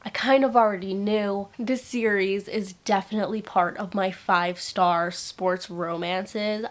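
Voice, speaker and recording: A young book vlogger chats casually to the camera about what she's been reading, in a voice at an ordinary middle pitch. She's loose and friendly, gushing with quick bursts of excitement.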